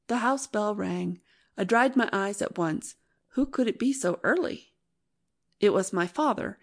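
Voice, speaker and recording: A woman narrates an old novel in a measured, earnest voice at a middling pitch. Her reading is steady and unhurried. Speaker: audiobook narrator. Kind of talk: scripted narration.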